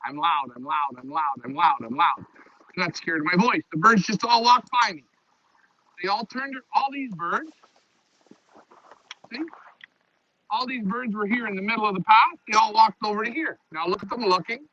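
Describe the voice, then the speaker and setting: A man talking loudly to his pigeons as he shows his loft on a live phone stream. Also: sits high, moderate pace, long pauses, dry recording. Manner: loud, talks to his birds. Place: pigeon loft, outdoors nearby. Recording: dull lo-fi stream audio.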